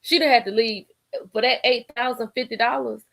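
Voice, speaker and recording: A woman hosting a live stream, ranting in a sassy, profane, animated way with frequent laughter, a little tipsy from drinking. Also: a little high, fairly quick, gravelly. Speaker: livestream host. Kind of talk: casual live-stream commentary.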